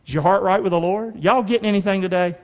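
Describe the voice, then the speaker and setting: A man's voice: sits high, quick pace, muffled recording. A man preaching a folksy, emphatic sermon in a church and calling on the congregation to answer back. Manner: folksy and emphatic, calls for response. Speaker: pastor. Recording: long reverb of a large hall.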